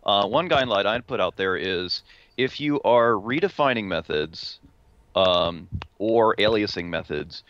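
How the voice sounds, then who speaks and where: A man's voice: lowish voice, expressive, a little slow, fairly bright tone, lo-fi sound. A man talking through a technical point in casual panel chat, with many restarts and fillers. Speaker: podcast panelist.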